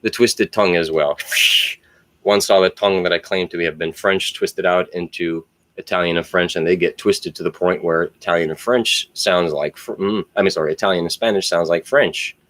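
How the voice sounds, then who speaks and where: A man's voice: low-pitched, fairly even intonation, normal speed, a bit bright, no room sound. A man talks on his own, rambling from thought to thought and swearing freely. The sound is dry and close, with no room around it. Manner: rambling, profane, philosophizing. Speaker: solo video host. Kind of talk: rambling monologue.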